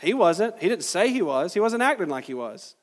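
A man's voice: sits high, very animated, fairly quick. A man preaching a sermon as pastor in a church, earnest and emphatic, pressing hard on key phrases. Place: church sanctuary. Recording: long hall reverb.

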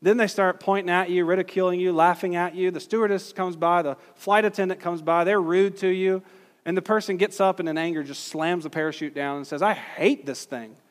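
A man's voice: high voice, steady tone, brisk. A man preaching a teaching sermon in an earnest way, acting out quoted voices in his illustration. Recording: long hall reverb.

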